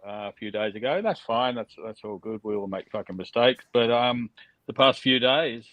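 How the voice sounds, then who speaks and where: Brief: man, mid pitch, dry close audio, rambling chat. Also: moderate pace, no room sound, dull audio. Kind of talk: casual group chat.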